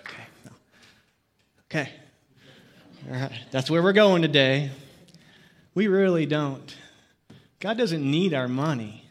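Preaching man, fairly high voice. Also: lively intonation, slow, long pauses. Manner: jokey storytelling, then earnest preaching. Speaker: pastor. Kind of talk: sermon.

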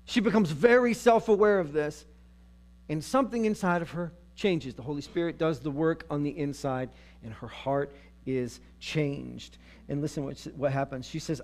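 Male pastor with a high voice, delivering a dramatic sermon that swings between loud and hushed. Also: expressive, normal speed.

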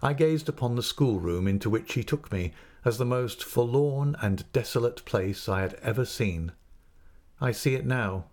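A man narrating a classic novel in a measured, expressive reading voice. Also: mid-range voice.

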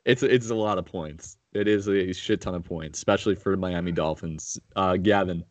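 A man's voice: sits low, normal speed, darkish tone, no room sound. A man hosting a casual sports betting podcast, blunt and profane, going through picks and calling on his co-hosts. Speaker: podcast host.

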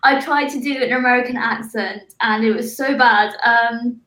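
A woman's voice: a little high, fairly even intonation, moderate pace, sharp tone. Woman, young adult, casual chat, laughs a lot, filler-heavy, echoey room. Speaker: guest, graphic designer. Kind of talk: casual conversation.

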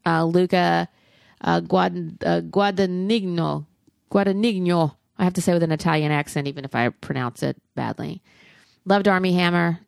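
A middle-aged woman with a low, gravelly voice talks in candid, profane, rambling chat about films. Her voice sits dry and close to the mic, with no room around it. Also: a little fast, dry recording. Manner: candid, profane and chatty with frequent restarts. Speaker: podcast co-host reviewing films. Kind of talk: casual chat.

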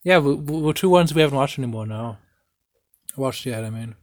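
A man's voice: medium pitch, lively intonation, a little fast, no room sound. Young male host, eager, stumbling chatter, dry sound. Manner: enthusiastic, stumbling restarts, laughs often. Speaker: podcast host. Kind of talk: casual chat reacting to videos.

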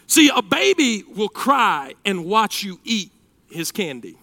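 A man preaching a sermon, his voice very high, bright and edged with gravel. He swings from shouted, fiery passages to hushed, quiet storytelling, and the recording is close and dry. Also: very animated, slow pace, no room sound.

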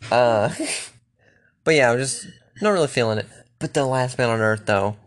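A man's voice: medium pitch, moderate pace. A young man chatting casually and rambling, swearing freely and restarting his sentences often. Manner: loose, profane, rambling with restarts.

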